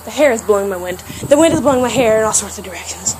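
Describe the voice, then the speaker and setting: A woman's voice: medium pitch, animated, racing, music in the background. A young woman vlogging at home and outdoors, giddy and rambling, breaking into squeals and screams. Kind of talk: hyper solo vlog. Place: home kitchen, then outdoors in a yard. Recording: noisy home camera audio.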